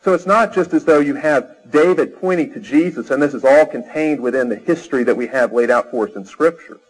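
A man lectures on scripture at a middle pitch, his voice a little husky and breathy. He explains points step by step, reads long quoted passages aloud and often restarts his phrases. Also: fairly quick, low-quality recording. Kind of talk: theology lecture.

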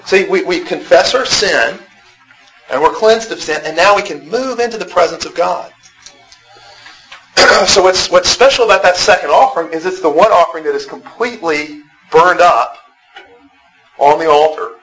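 A man's voice: sits high, normal speed, fairly bright tone, soft background music, rough recording. A man teaching a Bible class, talking conversationally, asking the group questions and often repeating words as he restarts. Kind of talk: interactive church class lecture.

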